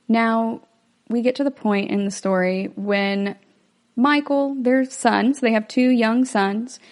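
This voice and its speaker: A woman hosting a podcast, explaining a film in a chatty, casual way. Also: mid-range voice. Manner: chatty, explanatory, acts out quotes. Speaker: podcast host.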